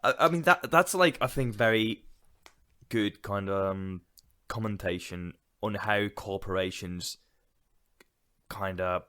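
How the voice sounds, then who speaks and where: A man's voice: on the low side, slow pace, pauses often, sharp tone, clear, resonant tone. A man co-hosting a podcast, chatting casually, rambling with lots of fillers and frequent laughs. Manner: laughs often, loose rambling with many fillers. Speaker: podcast co-host. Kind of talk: casual chat.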